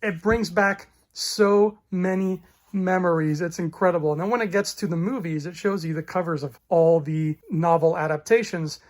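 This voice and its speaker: A man's voice: high-pitched, steady tone, moderate pace, few pauses. A young man, a podcast host, enthusiastically reviewing a book in a casual chat and showing its pages as he talks.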